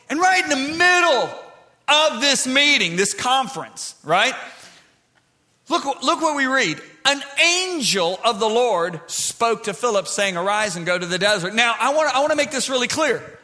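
A man preaching a sermon in a church, animated and building to shouts. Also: very high voice, normal speed, in a large hall.

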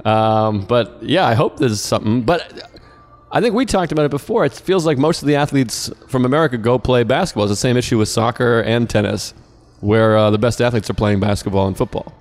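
Boston guy on a podcast, jokes a lot, talks in quick excited bursts. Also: mid-range voice. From Boston area. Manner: animated, jokey, quick bursts. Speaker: podcast guest. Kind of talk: casual podcast chat.

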